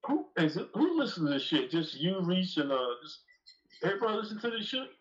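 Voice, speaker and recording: A man's voice: high-pitched, very animated, fast talker, highs cut off, a little hiss or hum. A man telling a long, profane, rambling story on a live call-in show. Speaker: guest dog breeder.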